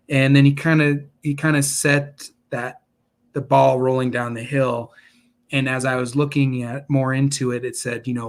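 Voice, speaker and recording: A man's voice: medium pitch, flat delivery, normal speed. Earnest man rambling through his story. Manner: earnest, speaks in rambling restarts. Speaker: podcast guest. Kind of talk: casual interview storytelling.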